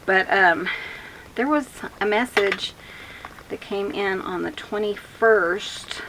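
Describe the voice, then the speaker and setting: A woman's voice: medium pitch, slow pace, a bit bright, a little hiss or hum, low-quality recording. A woman crafter chatting casually through a tutorial, rambling and thinking aloud as she works. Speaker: craft vlogger.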